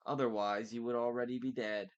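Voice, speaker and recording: A man reading aloud and voicing a menacing, gloating monster posing as a vice principal, speaking slowly and deliberately. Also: medium pitch, fairly even intonation, clear, resonant tone, highs cut off, close to an everyday voice. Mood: gloating menace. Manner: slow, deliberate, mocking.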